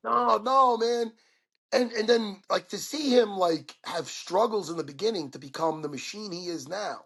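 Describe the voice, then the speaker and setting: A man, a podcast guest, telling stories in an excitable, profane way and acting out the quotes. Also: high-pitched, moderate pace, creaky, husky. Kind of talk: animated storytelling chat.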